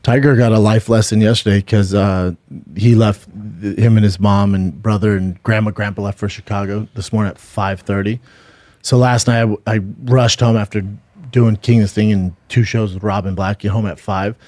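A man's voice: on the low side, fairly even intonation, normal speed, darkish tone, dry recording. A middle-aged man, podcast co-host, chatting casually and telling a rambling story, swearing freely. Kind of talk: casual chat and live ad reads.

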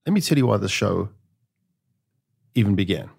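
A man's voice: fairly low pitch, animated, moderate pace, creaky, breathy edge. A male podcast host speaking earnestly and personally about why he started his show. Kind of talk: interview conversation.

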